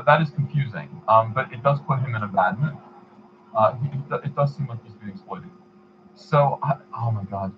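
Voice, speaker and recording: A man hosting a livestream, chatting casually and reading donations, in a rambling, halting way. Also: mid-range voice, muffled recording, noisy background. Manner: rambling, halting, many fillers and restarts. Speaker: livestream host.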